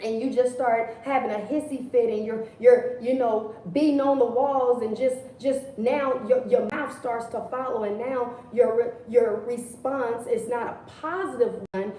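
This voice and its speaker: A woman's voice: fairly high pitch, fairly even intonation, a little slow, warm tone. A woman preaching a casual livestream sermon in a conversational, colloquial way, repeating her key phrases. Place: indoors, livestream. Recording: echoey room, distant mic.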